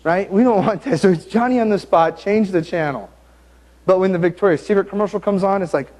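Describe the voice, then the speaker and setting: A man's voice: high voice, a little fast. A man preaching a sermon, acting out the story with jokes and asides. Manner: animated storytelling, acting out the scenes; joking and self-interrupting.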